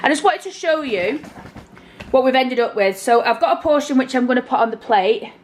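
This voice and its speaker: A woman's voice: sits high, animated, a little fast, a little hiss or hum, rough recording. Casual woman, home cooking vlog, chatty direct address to viewers. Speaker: vlogger. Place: home kitchen.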